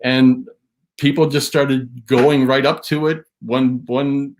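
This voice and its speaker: A man telling a long anecdote in a casual interview, rambling and animated, with many restarts. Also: mid-range voice, takes it slowly. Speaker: guest drum historian.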